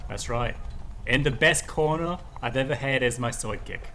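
A man's voice: mid-range voice, a little fast, sharp tone, a little hiss or hum. A man voicing a boastful, self-styled noble Victorian detective with a pompous manner. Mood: jaunty. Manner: pompous, blustering.

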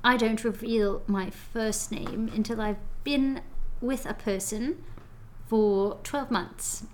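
A woman's voice: a little high, fairly even intonation, takes it slowly, a little hiss or hum. A woman improvising a prim, reserved young aristocrat daughter in a comedy scene.

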